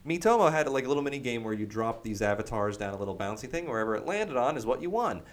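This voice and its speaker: A man's voice: mid-range voice, big pitch swings, fast talker. A man hosting a casual gaming podcast, upbeat and chatty, rambling along with plenty of "uh"s as he plugs a charity stream. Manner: upbeat, promotional, rambling with many fillers. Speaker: podcast host.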